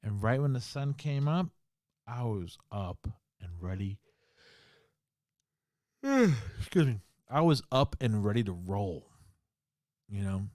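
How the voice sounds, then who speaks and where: Casual podcast guy telling a spooky story, swears a lot, says bro constantly, goes quiet and hushed at the scary bits, dry close sound. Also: lowish voice, big pitch swings, slow pace, pauses often, no echo. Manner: swearing, slangy, full of "bro" and "you know"; drops to a hushed voice in the scary parts. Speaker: podcast host.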